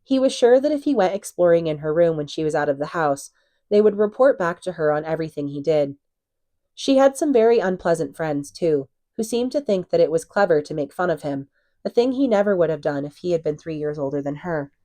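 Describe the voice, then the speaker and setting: Low-voiced woman reading a novel out loud, calm and even, super dry sound. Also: fairly quick, no room sound. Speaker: reader.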